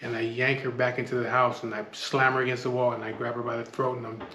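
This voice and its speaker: A man's voice: mid-range voice, flat delivery, quick pace, sharp tone. A man telling a street story in a blunt, profane, casual way. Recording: echoey room, faint noise.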